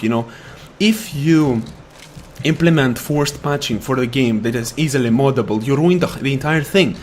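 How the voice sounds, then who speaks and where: Man, gameplay commentary, sarcastic rants, mid pitch, faint background hum. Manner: ranting, sarcastic, taunts enemies. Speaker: gaming YouTuber.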